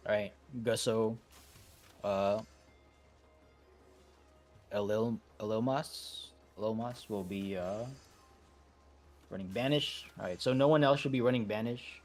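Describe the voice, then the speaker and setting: A man leading a game raid over voice chat, talking in a relaxed, halting way with many fillers and restarts. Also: lowish voice, faint music behind. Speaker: raid leader.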